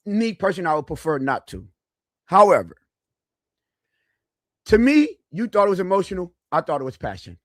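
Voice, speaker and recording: A man hosting a sports podcast, talking casually and haltingly with frequent restarts. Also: high voice, wildly swooping pitch, a bit bright, no room sound, clean studio sound. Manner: halting, hesitant, restarts often. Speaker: podcast host.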